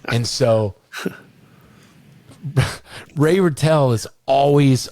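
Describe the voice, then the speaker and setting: A man's voice: mid-range voice, extremely slow, a little mellow, no echo. A middle-aged man hosting a podcast, telling stories in a rambling way, full of restarts and "you know.". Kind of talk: storytelling in casual chat.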